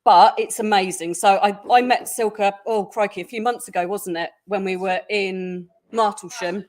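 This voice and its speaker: A woman's voice: medium pitch, fairly even intonation, normal speed, darkish tone. A woman hosting a training evening, chattily introducing a guest speaker with tag questions. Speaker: event host. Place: study centre training room.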